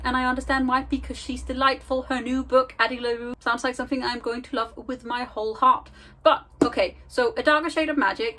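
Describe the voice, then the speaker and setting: A woman's voice: fairly high pitch, a bit bright, a little hiss or hum, low-quality recording. A young woman in a casual reading vlog, talking chattily and with self-mocking humor from home into a handheld camera. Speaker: book vlogger.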